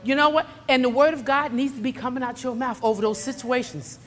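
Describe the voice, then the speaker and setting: High-voiced fervent woman preacher in a hall. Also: steady tone, fairly quick. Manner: swings from low conversational talk to fervent shouting; storytelling and preaching with call-outs to the congregation. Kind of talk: sermon. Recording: long hall reverb.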